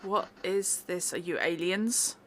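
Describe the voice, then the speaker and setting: A woman's voice: fairly low pitch, fairly even intonation, slow pace, no room sound. Woman playing panicking kidnapped girl. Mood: frightened. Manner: shrieking, panicky. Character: panicking young woman named Pat.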